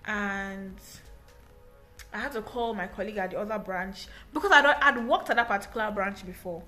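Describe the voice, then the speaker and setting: A young woman, an English teacher, telling a personal story in a casual, animated, emphatic way with frequent restarts. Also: mid-range voice, normal speed, soft background music.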